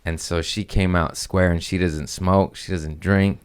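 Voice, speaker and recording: A man with a deep voice, a comedian guest on a podcast, joking in casual chat and laughing often. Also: steady tone, a little slow, clear, resonant tone.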